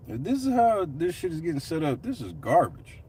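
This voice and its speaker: A man's voice: a little high, huge pitch swings, a little fast, a little mellow, distant mic, slight background noise. A man, a father, ranting casually and profanely while vlogging from his car.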